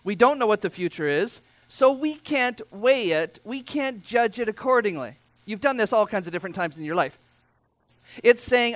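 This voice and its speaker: High-voiced conversational male pastor. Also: lively intonation, normal speed, fairly bright tone, no echo. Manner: conversational, with asides and self-corrections. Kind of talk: sermon.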